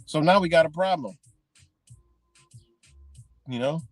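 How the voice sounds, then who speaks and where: A man's voice: fairly high pitch, slow pace, no echo, soft background music. A man ranting in a heated, profane monologue, repeating himself and swearing often. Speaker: vlogger.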